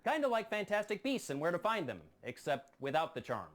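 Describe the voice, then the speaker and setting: A man's voice: high voice, very animated, a little fast. A man making sarcastic, mock-sincere comedic asides about a film. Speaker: film review show commentator.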